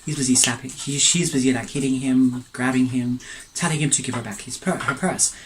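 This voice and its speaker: A chatty man tells a story while eating, tasting his food between sentences and wandering off into asides. His voice sits at an ordinary middle pitch. A faint steady noise runs behind him at home. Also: a little fast, poor audio. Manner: rambling, digressive, chatty. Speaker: mukbang vlogger.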